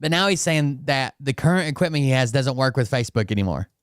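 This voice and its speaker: A man's voice: medium pitch, lively intonation, quick pace, no room sound, studio quality. A man hosting a reaction commentary show, talking over clips with mocking, sarcastic asides and casual swearing.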